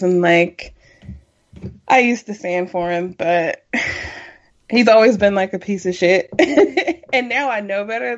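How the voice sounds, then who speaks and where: A woman with a middle-pitched voice chatting as a podcast guest. She is self-deprecating and rambling, and the recording sounds dull and lo-fi. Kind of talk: casual chat.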